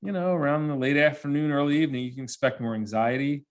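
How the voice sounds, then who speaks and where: A man giving a humorous motivational presentation to students, telling lively stories and acting out the people in them. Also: a little high, fast talker. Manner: animated storyteller who acts out characters. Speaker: motivational speaker.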